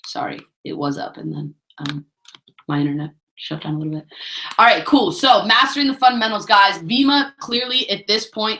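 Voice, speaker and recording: A woman's voice: mid-range voice, lively intonation, normal speed, bright, forceful tone, roomy sound, a little hiss or hum, poor audio. A woman giving a motivational sales training talk, urging her team on and repeating herself for emphasis. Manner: pep-talk, repeats herself, keeps saying "guys". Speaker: network marketing trainer.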